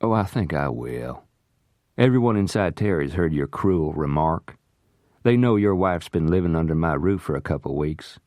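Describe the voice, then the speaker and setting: A man's voice: deep voice, dark tone, no echo, studio quality. A man reading aloud voices a vengeful man who taunts his captive in a mocking drawl.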